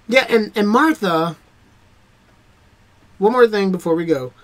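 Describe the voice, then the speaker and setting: A man's voice: sits high, a little slow, long pauses, a bit bright. A man hosting a reaction video, giving a casual spoken review that rambles with hesitations, fillers and restarts.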